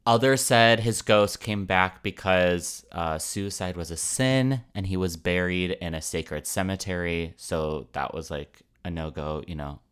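A young man hosting a podcast, telling a folklore story in a relaxed, jokey way with casual asides. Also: deep voice, a little slow, hardly any pauses, clear, resonant tone. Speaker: podcast host.

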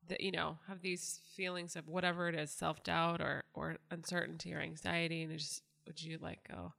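A woman's voice: lowish voice, fairly even intonation, moderate pace, gravelly, few pauses, fairly bright tone. A woman hosting an interview, asking supportive, rambling questions with frequent restarts. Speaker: host. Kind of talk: interview conversation.

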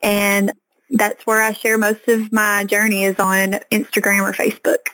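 A woman's voice: mid-range voice, monotone, moderate pace, fairly bright tone, dry recording, poor audio. A woman farmer, giving earnest, plain-spoken answers as a podcast guest. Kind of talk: casual interview answers.

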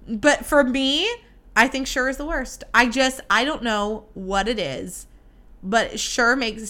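Talking straight to her audience, this young woman runs her own podcast with a fairly high-pitched voice. She's chatty and casual, delivering everything with gushing, dramatic animation.

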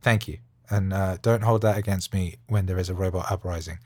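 A man's voice: low-pitched, steady tone, a little fast, a little mellow, breathy edge, dry recording. A man hosting his own podcast from a music studio late at night, rambling in a chatty, digressive way full of "you know" and "like". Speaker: music producer and podcast host. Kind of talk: casual rambling monologue.

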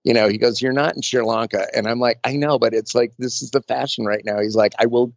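A makeup artist being interviewed, telling stories in a chatty, rambling way with lots of fillers and restarts. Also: male voice, mid-range voice, steady tone, fast, vocal fry. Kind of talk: casual storytelling interview. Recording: dull lo-fi dry sound.

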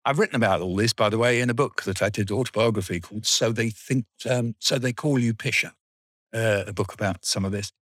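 A man's voice: on the low side, fairly quick, fairly bright tone, dry recording. An older man, telling school memories in a rambling, dryly funny way. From England. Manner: rambling storyteller, dry humour. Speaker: guest. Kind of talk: reminiscing interview.

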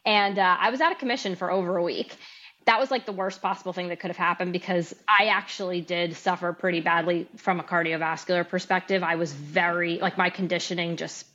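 A woman in her thirties, a podcast guest, candidly recounting her story in an interview, animated and laughing at times. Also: lowish voice, brisk. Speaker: podcast guest, amateur boxer. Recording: slightly dull, lo-fi sound.

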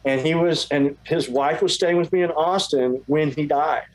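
A man's voice: a little high, normal speed, rough recording. A man telling a long story as a guest, rambling and restarting his sentences. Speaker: guest musician. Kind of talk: casual storytelling.

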